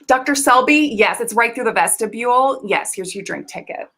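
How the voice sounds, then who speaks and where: A woman's voice: fairly high pitch, animated, moderate pace, noisy background. A woman playing a bossy, pompous female biotech executive who talks down to her employee in an improvised comedy scene. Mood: haughty. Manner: pompous, condescending, corporate jargon.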